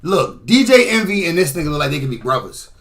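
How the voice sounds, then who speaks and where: A man with a high, bright voice talks over interview clips, cracking jokes and swearing freely. His tone is loose and mocking, and he often bursts into loud laughter and shouting. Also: sing-song, fast talker. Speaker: commentator reacting to clips. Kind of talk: casual reaction commentary.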